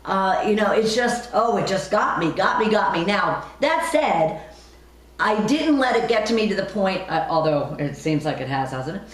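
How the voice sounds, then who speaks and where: Chatting away on her radio show, a woman recounts something from her own life, wandering into asides and fillers. She speaks at a normal pace with a sing-song, mid-range voice, well off-mic in a room with noticeable echo.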